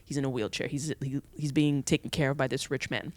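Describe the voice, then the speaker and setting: A young woman chatting as a podcast guest, retelling a film plot in an animated, playful way. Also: a bass voice, brisk, no room sound. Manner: animated storytelling, playful laughing. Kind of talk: casual chat.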